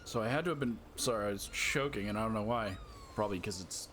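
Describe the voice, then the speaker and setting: A man thinks aloud and chats at the game as he plays, in casual commentary. His voice sits low and sounds a bit dry, as if he has just woken up. A clear hiss of noise runs under the recording. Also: fast talker, a bit bright. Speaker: gamer streamer.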